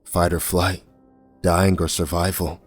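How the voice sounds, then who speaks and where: A man reading a first-person horror story in a tense, measured way. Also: sits low, level tone, husky. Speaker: narrator. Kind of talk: scripted horror narration. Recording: soft music bed under voice.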